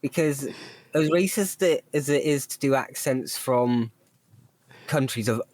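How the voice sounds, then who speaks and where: A man co-hosting a podcast, chatting casually with quick joking asides and frequent laughs. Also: medium pitch, darkish tone. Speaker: podcast co-host. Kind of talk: casual comedic chat.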